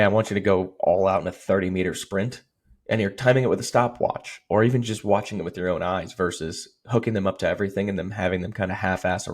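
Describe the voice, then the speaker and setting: Husky, rambling male strength coach. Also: low voice. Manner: relaxed, rambling, heavy on "like". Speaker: strength coach, podcast co-host. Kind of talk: casual podcast chat.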